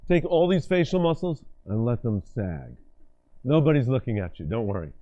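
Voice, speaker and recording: This is a live talk by a middle-aged man who works as a workshop speaker and communication coach, guiding listeners through exercises with animated direction. Speaking at normal speed in a mid-range voice, he demonstrates states physically and vocally, captured in a dull lo-fi lecture recording.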